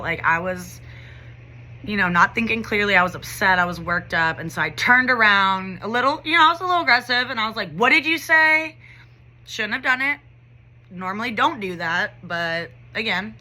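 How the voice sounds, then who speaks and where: A woman's voice: mid-range voice, expressive, moderate pace, sharp tone. A young adult woman teacher telling a story in a casual vlog, talking conversationally with lots of "like" and "you know".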